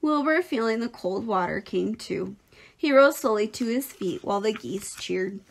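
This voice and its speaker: A woman's voice: medium pitch, expressive, moderate pace, gravelly. Woman teacher reading a storybook aloud. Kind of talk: reading a children's book aloud.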